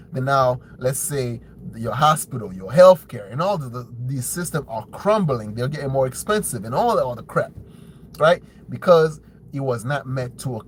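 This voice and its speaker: A man's voice: slight background noise, rough recording. A man hosting a commentary show, ranting bluntly with profanity and a habit of asking "right?". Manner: blunt, profane, mocks opponents in shrill put-on voices. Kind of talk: opinionated commentary rant.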